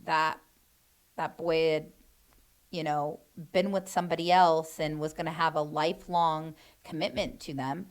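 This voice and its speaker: A woman's voice: sits low, steady tone, measured pace. A middle-aged woman, a mother and interview guest, speaking in a reflective, earnest way. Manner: reflective, defends her son. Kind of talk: earnest conversation.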